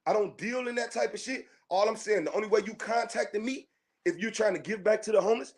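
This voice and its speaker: A man on a podcast, his voice sitting a little higher than most men's. He rants to his audience in a heated, profane, confrontational way, doubling back and repeating phrases as he talks. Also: fast. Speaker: podcast host. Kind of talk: heated monologue rant to listeners.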